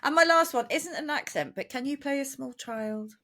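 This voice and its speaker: A woman's voice: high-pitched, lively intonation, normal speed, fairly bright tone. A woman in her forties co-hosting a podcast, chatting emphatically and laughing often. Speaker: podcast co-host. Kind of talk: casual chat.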